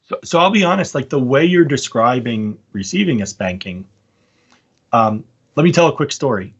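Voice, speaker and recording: A man's voice: mid-range voice, expressive, normal speed, husky, dull audio. A man hosting a casual debate, making his points through stories and often checking in with "right?". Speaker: podcast host debating a guest.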